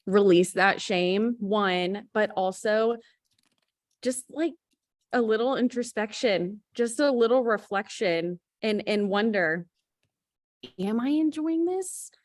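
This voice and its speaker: A woman's voice: mid-range voice, takes it slowly, no room sound. Woman, motivational host, emphatic, dry close sound. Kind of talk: motivational talk.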